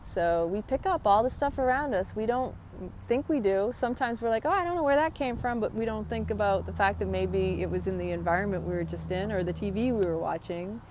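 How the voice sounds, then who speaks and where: Woman host, mid pitch, chatty and rambling, casual wellness live stream, faint hiss behind. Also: a little fast, a little mellow. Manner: chatty, rambling, greets viewers by name. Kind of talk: casual live chat about yoga and wellness.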